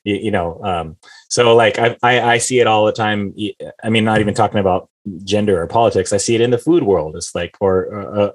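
A man hosting a casual podcast chat, rambling and acting out quoted people in animated voices. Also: fairly low pitch, brisk. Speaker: podcast host.

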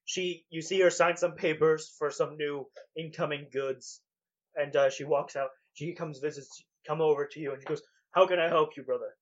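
A man's voice: a little high, level tone, normal speed, dull audio. A man narrating a tabletop game as game master in a laid-back, hesitant way with many fillers.

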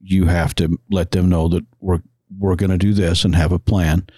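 A man's voice: sits low, flat delivery, normal speed, mellow, husky, no echo. A middle-aged man, a firefighter-paramedic and father, talking plainly in a casual podcast conversation, often stammering and repeating words.

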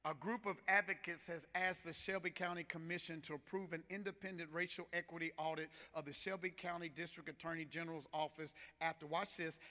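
A man preaching in a church, his voice high and strikingly bright, almost piercing. He presses his points in rhythmic waves, repeating phrases. A long reverb hangs on every word. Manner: preaching with rising, rhythmic intensity and repetitions. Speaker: pastor. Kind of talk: sermon.

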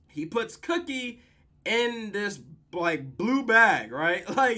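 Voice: mid-range voice, bright, forceful tone. A podcast host recapping a TV episode in casual, profane slang, telling the story with laughs.

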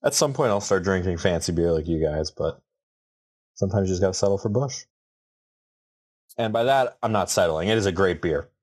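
A man co-hosting a podcast, joking and teasing himself in relaxed banter. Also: low voice, fairly quick, long pauses. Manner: self-mocking, joking banter. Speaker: podcast co-host. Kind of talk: casual chat.

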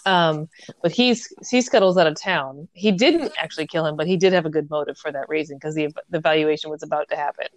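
A woman with a slightly low voice talks through a book at length, laughing easily along the way. The sound is dry and close, with no room around it. It is relaxed, chatty podcast talk. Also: brisk, no room sound. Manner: chatty, laughs often, retells plot at length. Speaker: podcast co-host. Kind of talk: casual book discussion. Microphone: home mic on an audio recording.

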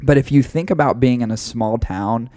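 A man's voice: mid-range voice, normal speed, mellow, no room sound, clean studio sound. Profane ranting male podcast host. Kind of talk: casual chat.

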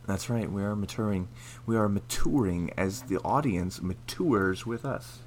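A man hosting a casual podcast, talking in a steady, rambling way with lots of fillers. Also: fairly low pitch, measured pace, slight background noise. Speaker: podcast host.

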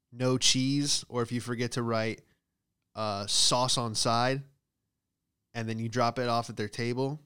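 A young man riffing through a comic monologue, swearing freely and jumping between stories. His voice is smooth and resonant at a middle pitch. He talks casually, with bursts of animated storytelling. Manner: profane, animated storytelling with loud acted outbursts. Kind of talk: rambling comedic monologue.

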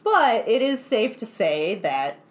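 A young woman co-hosting a movie podcast, talking in a loose, chatty way. Her pitch swoops up and down a lot as she gets into it, and she breaks into laughter often. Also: takes it slowly. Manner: animated, laughs often, many "like" fillers. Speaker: podcast co-host. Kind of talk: casual movie-review chat.

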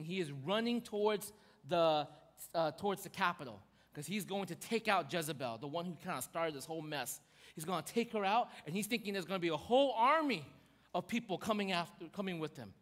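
A man with a notably high voice preaches a sermon, telling the story with animated energy and acting out lines. His voice rings out with a long reverb, as if he is speaking in a large hall. He swings between loud bursts and quieter, lower asides. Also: a little fast. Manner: animated storytelling with acted quotes. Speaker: pastor.

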